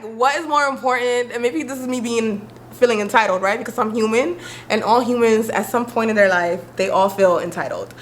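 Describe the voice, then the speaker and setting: A young woman vlogging to camera, talking candidly and with attitude, acting out friends in quick quoted voices. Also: a little high, a little hiss or hum. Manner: animated, sassy, acts out friends' voices.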